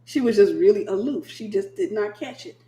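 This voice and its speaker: A woman minister hosting a casual late-night livestream, a sleepy, animated storyteller. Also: medium pitch, brisk, roomy sound. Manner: animated storyteller who acts out quoted voices.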